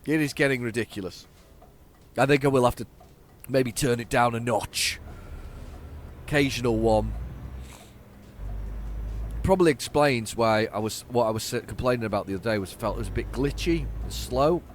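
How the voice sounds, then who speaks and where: A man with a mid-range voice hosts a let's play, rambling and chatting casually as he plays while poking fun at himself. He talks at a moderate pace and pauses often, recorded close on a desk microphone at home with slight background noise.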